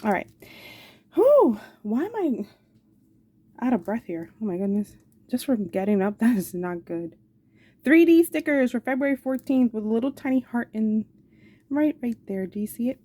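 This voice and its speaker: Her voice is warm and on the high side. A craft channel host in her forties, she shows off her supplies in an easygoing, affectionate chat that wanders into rambling asides.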